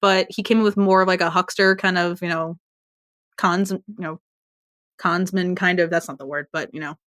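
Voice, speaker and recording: A woman's voice: on the low side, fairly even intonation, moderate pace, fairly bright tone, dry recording. Chatty woman podcaster, dry sound. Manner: rambling, chatty, laughs often. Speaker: podcast co-host. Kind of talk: casual chat.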